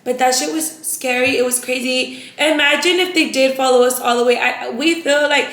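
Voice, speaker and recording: A young woman vlogger telling a story to her viewers in a casual, animated way, peppered with "like.". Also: high-pitched, echoey room. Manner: animated, rapid, heavy use of "like".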